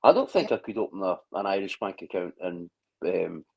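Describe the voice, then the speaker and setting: A man's voice: deep voice, animated, brisk, gravelly, slightly rough, dull audio. A man in a casual online chat, talking in long rambling stretches with frequent restarts and blunt swearing. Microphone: video call.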